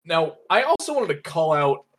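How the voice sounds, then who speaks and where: A man co-hosting a casual review podcast, talking in a measured, analytical way with frequent "uh" and "like". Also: on the high side, sing-song. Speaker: podcast co-host reviewing a show.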